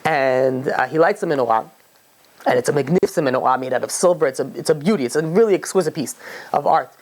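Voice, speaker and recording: A man's voice: a little high, fast talker, darkish tone. A man, a rabbi, giving a casual storytelling sermon. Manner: casual, many fillers and restarts.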